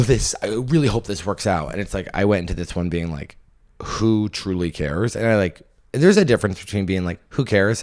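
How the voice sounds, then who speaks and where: Low-voiced man rambling comedic podcast monologue. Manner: animated, rambling, self-deprecating storytelling. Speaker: podcast host and stand-up comedian.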